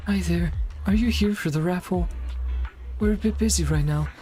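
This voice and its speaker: A man voicing a busy raffle staff worker in a game, speaking politely and quickly in a raised voice. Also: sits high, warm tone, faint music behind, pitched above the performer's own voice, natural voice. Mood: hurried polite.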